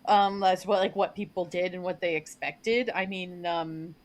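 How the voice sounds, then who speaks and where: A woman's voice: lowish voice, steady tone, normal speed. Woman hosting, hedging with fillers. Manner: hesitant, thinking aloud with many fillers. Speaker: podcast host. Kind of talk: casual podcast chat.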